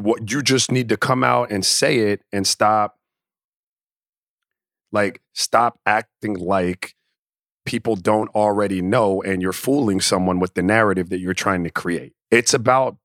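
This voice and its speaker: Low-voiced laid-back man on a podcast. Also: a little slow, fairly bright tone, no room sound, clean studio sound. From Miami and the Virgin Islands. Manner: laid-back, agreeing, slangy. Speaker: podcast co-host, former player. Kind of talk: casual sports chat.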